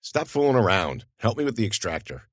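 A man's voice: lowish voice, very animated, fairly quick, a bit bright, no room sound, clean studio sound. A male audiobook narrator voicing a blunt, impatient young man with a terse manner.

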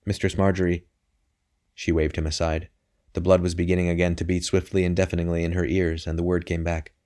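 A man narrating a novel in a measured, steady audiobook reading. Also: low voice. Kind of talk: scripted narration.

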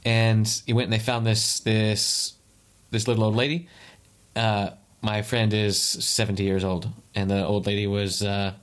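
A man's voice: fairly low pitch, little pitch movement, clean tone. A man in casual conversation who makes puns and tells a story with many restarts. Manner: wry, punning, halting storyteller. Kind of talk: casual chat and anecdote.

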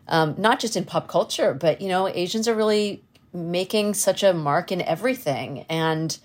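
A woman's voice: lowish voice, moderate pace. A woman guest on a podcast, talking enthusiastically with many fillers. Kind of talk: casual chat.

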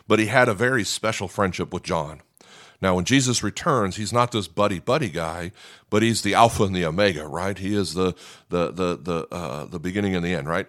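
A deep, low-pitched man teaching a sermon. He talks in a relaxed, conversational way and keeps checking in with his listeners. His tone is that of a pastor walking a congregation through a lesson. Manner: conversational, frequent "okay?" check-ins.

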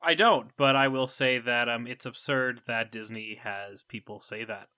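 Young guy cohosting a podcast, bright tense voice, dry room, deadpan jokes. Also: medium pitch, moderate pace, no echo. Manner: dry joking, wry asides. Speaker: podcast co-host. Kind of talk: casual chat.

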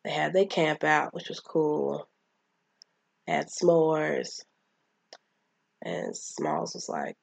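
A woman's voice: low-pitched, animated, slow pace, creaky, pauses often, husky, no echo. A woman casually recapping a film, rambling and acting out the characters' lines. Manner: rambling, acts out quotes of characters. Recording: dull lo-fi mic.

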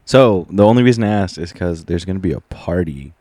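A laid-back man chatting casually, mostly listening and answering in short replies while he laughs along. His voice is very low and mellow. The recording is dry and close. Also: expressive, a little fast, no echo. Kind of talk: casual chat.

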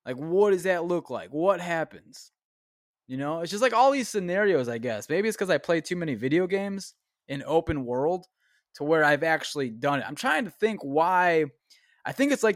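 A man's voice: a little high, dry recording, studio quality. A man hosting a solo podcast, thinking aloud in a rambling, profane way and reading search results aloud. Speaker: podcast host. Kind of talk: casual solo podcast talk.

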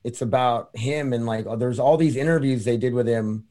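A man's voice: mid-range voice, moderate pace, mellow. Rambling, profane male podcast host. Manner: rambling, profane, loose storytelling. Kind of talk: casual podcast chat.

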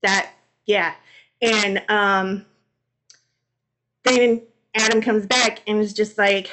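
A young woman co-hosting a podcast, retelling old stories in an animated, slangy, comedic way. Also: medium pitch, slow, pauses often. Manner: animated, slangy, acts out voices. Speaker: podcast co-host. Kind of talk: comedic storytelling.

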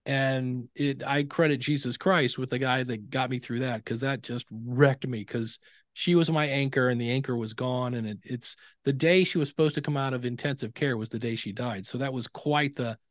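A man's voice: medium pitch, moderate pace, dry recording, clean studio sound. A middle-aged man, a podcasting expert guest in a casual interview, telling stories and acting out quoted dialogue. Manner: animated storyteller who acts out quoted dialogue.

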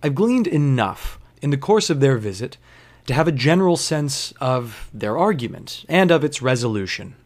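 Profane, animated young man telling a story. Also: mid-range voice, normal speed. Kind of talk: casual storytelling.

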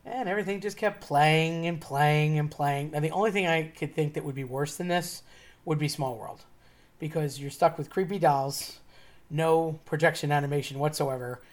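Chatty woman with a low voice. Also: moderate pace. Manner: chatty, wry, laughs while telling. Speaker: storyteller host. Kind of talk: casual personal story.

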